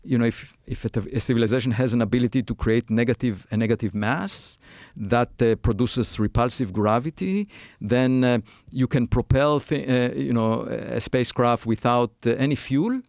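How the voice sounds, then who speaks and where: A man's voice: medium pitch, moderate pace, vocal fry, darkish tone, dry recording. Interview guest, male, reflective and hesitant, dry recording. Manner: thoughtful, many fillers and restarts. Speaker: guest scientist. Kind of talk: conversational interview.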